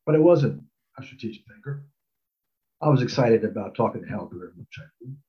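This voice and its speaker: A man's voice: mid-range voice, animated, brisk, lo-fi sound. An older man casually telling a personal anecdote, rambling with fillers and acting out quotes. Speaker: storyteller recalling his college recruitment.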